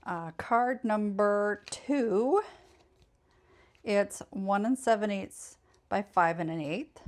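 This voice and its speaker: A woman's voice: medium pitch, slow pace. A woman hosting a casual craft tutorial, chatty and meandering, often correcting herself mid-sentence and sounding a bit tired. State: tired, yawning late in the evening. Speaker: craft channel host.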